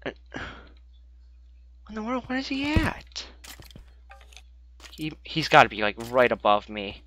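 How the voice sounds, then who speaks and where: A man giving jokey let's-play commentary while gaming, talking to himself and swinging between mumbles and excited shouts. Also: a little high, measured pace, slight background noise. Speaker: gameplay commentator. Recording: dull lo-fi mic.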